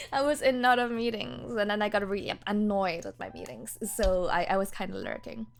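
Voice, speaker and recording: A woman's voice: mid-range voice, lively intonation, moderate pace, creaky, faint music behind. A woman streamer chatting casually with her viewers, laughing often and rambling with restarts.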